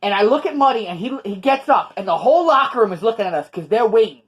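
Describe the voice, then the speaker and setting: A man's voice: sits high, fast talker. Brash New York man telling stories. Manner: brash, profane, animated storytelling. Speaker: podcast co-host, wrestler. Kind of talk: casual storytelling chat.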